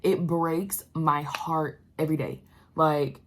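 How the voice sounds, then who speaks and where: Low-voiced young woman vlogging. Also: steady tone, takes it slowly, slight background noise. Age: young adult. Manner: candid, emotional, many fillers like "um" and "like". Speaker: healthcare worker vlogger. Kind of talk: casual vlog talk to camera.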